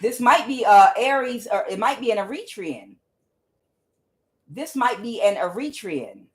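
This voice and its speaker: A woman's voice: fairly high pitch, animated, measured pace, slight background noise. A woman doing a casual tarot reading, speaking bluntly with swearing and calling on the Holy Spirit as she goes. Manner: talks aloud to the Holy Spirit, blunt and profane. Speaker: tarot reader.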